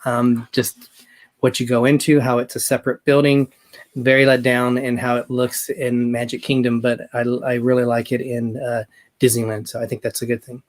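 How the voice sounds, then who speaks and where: A man co-hosts a relaxed online chat, steering the talk with questions and breaking into laughter often. His pitch sits at an ordinary middle level. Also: normal speed. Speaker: co-host. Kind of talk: casual video chat.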